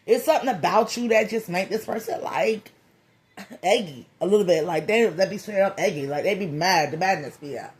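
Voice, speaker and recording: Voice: mid-range voice, fairly quick, slight background noise. A tarot reader giving a comedic reading in a loose, slangy, playful way, with profane jokes and lots of repeated phrases. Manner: profane joking.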